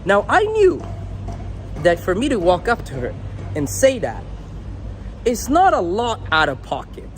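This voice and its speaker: A man's voice: sits high, wildly swooping pitch, measured pace, pauses often, a little hiss or hum. A young man, a dating coach, talking to the camera outdoors in a blunt, crude and unfiltered way. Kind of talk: casual talking-to-camera advice.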